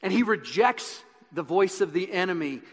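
A man's voice: sits high, animated, normal speed. A man preaching a sermon in an earnest storytelling manner. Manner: earnest storytelling, building intensity. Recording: echoey hall with long reverb.

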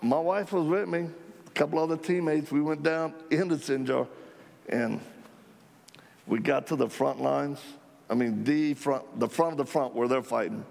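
A man's voice: a little high, normal speed, creaky. Folksy man telling stories in a reverberant hall. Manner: animated, folksy, jokes about himself. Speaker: ministry leader speaking to supporters. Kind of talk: storytelling talk to a live audience.

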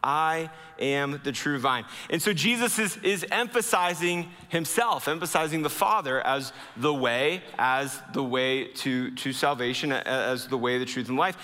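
Bright-voiced man preaching in a reverberant hall. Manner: earnest preaching, slowing and dropping low for emphasis. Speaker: pastor. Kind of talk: sermon.

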